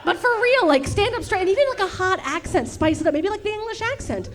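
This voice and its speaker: High-voiced woman doing playful musical stand-up. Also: animated, quick pace, hardly any pauses, a crowd in the background. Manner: playful, laughing, acts out silly voices. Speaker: stand-up comic. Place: comedy club stage. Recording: live stage recording with clear music. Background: guitar and audience laughter.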